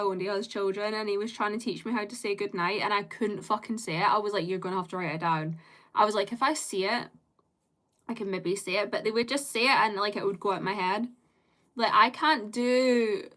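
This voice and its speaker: A woman's voice: mid-range voice, fairly bright tone. A woman live streamer chatting with her viewers in a loose, rambling way. She strings thoughts together with constant fillers and drops casual swear words.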